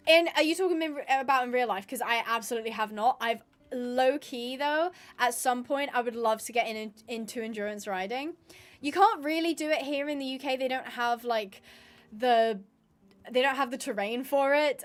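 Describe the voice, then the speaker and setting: A young woman talks through a gaming stream in a loose, rambling way. Her voice sits high, and she fills the gaps with ums, likes and restarted phrases. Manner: chatty and rambling, with many fillers and restarts. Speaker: streamer and roleplayer. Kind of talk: casual live-stream chat while gaming.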